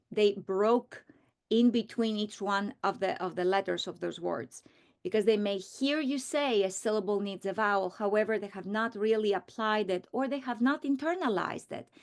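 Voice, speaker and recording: A woman teaching a reading lesson, modeling words slowly and deliberately. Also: medium pitch. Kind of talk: instructional lesson.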